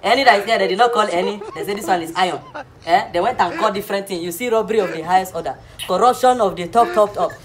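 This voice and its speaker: A man's voice: high-pitched, fast talker, a crowd in the background. A man with a Nigerian accent playing a comic teacher in a skit. He lectures mock-earnestly, chuckles as he talks, and keeps asking whether the class is following.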